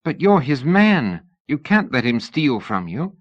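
A man's voice: mid-range voice, big pitch swings, measured pace, muffled recording, voice pushed up. A man reading the lines of an anxious young woman who pleads and questions. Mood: pleading.

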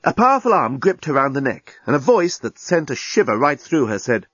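A man narrating an audiobook in a lively, theatrical storytelling manner. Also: medium pitch, fairly quick, few pauses, breathy edge, no echo, lo-fi sound.

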